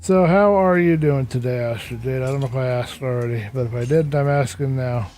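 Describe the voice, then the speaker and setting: A man's voice: mid-range voice, brisk, darkish tone. A tired, worn-out man streaming a building game, rambling to himself as he works and greeting viewers in chat. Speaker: Minecraft streamer. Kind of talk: casual live-stream commentary while building. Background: background game music.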